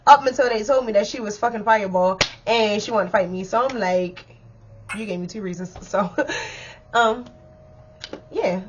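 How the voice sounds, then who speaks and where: A young woman telling a personal story in a chatty, animated way, full of slang and speaking straight to her viewers. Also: medium pitch, normal speed, muffled recording, slight background noise. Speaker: storyteller vlogger. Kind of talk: casual storytime.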